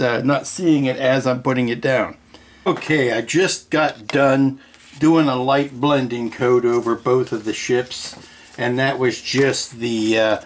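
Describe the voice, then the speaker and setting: A man talks through his scale model painting in a loose, casual update. He rambles and hesitates, trips over his words and picks them up again, with a touch of self-deprecating humor. His voice sits at an ordinary, middling pitch. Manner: rambling, hesitant, restarts often. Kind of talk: casual hobby workshop update.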